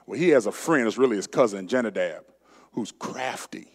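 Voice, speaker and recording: In a church sanctuary thick with long reverb, a male pastor delivers a forceful sermon and calls out to the congregation. His voice is fairly low, expressive and at a normal speed.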